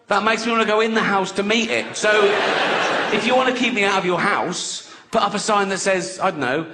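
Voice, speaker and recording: A man's voice: high voice, a little fast, heavy background noise. A man in his sixties doing a crude, conversational stand-up routine, often chuckling at his own jokes. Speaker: stand-up comedian. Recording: loud audience laughter behind. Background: audience laughter.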